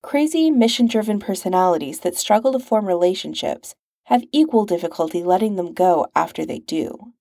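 Mellow-voiced woman narrating a story. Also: mid-range voice, normal speed, creaky, no room sound, clean studio sound. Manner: expressive, wry storytelling. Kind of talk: reading fan fiction aloud.

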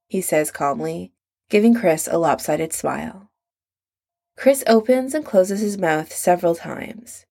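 A woman narrating a story in a measured storytelling manner. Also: on the low side, animated, gravelly, a little mellow. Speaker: audiobook narrator. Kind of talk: scripted narration.

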